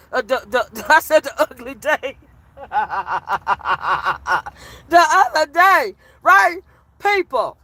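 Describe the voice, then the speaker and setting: A woman giving animated, laughter-filled reaction commentary to her livestream chat, teasing and petty. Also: sits high, dry recording.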